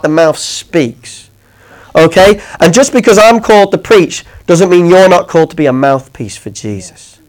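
A man's voice: high-pitched, low-quality recording. A man preaching a sermon, talking conversationally and often checking in with his listeners.

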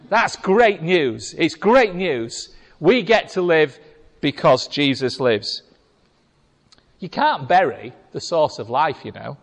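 A man preaching a sermon as pastor, speaking emphatically and firing rhetorical questions at the congregation in a church. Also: fairly high pitch. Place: church hall. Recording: long reverb of a large hall.

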